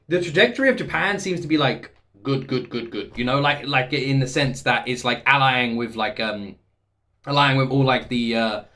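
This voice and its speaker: A British man hosting a reaction video, chatting casually and excitedly, rambling with frequent restarts. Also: medium pitch.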